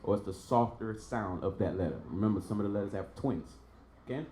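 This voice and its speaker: Low-voiced man teaching in an echoey room. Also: brisk, dark tone, a little hiss or hum. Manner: patient, repeats sounds for drilling. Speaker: Hebrew teacher. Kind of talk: online language lesson.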